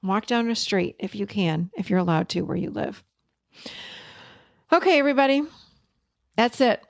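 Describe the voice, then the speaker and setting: A woman's voice: mid-range voice, animated, normal speed, gravelly, dry recording. A middle-aged woman gives an encouraging self-help talk, leaning hard on key words and repeating them. Her voice sits at a medium height and is recorded close and dry, with no room sound. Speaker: podcast host and therapist.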